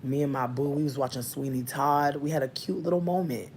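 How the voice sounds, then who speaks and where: A vlogger ranting casually to camera at home, swearing constantly and telling a story with big swings from muttering to loud bursts. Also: mid-range voice, a little fast, slight background noise. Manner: profane, heavy swearing. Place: indoors, at home near a window.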